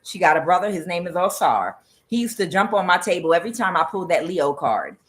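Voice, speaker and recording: A woman's voice: on the low side, expressive, fast talker, fairly bright tone, rough recording. A woman giving a casual tarot reading, talking bluntly with profanity and drifting into rambling asides to her cat. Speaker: tarot reader.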